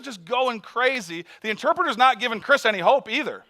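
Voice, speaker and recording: Guy preaching and telling stories, acts out voices, laughs a lot, bright tone. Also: extremely high pitch, a little fast. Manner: animated storyteller, acts out voices, laughs often. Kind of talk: sermon storytelling.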